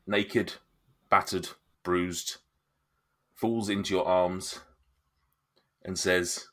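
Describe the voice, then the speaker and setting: Deep-voiced game master. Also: male voice, steady tone, drawn-out words, pauses often, a bit bright. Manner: hesitant, many fillers and restarts. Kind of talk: narrating a tabletop game.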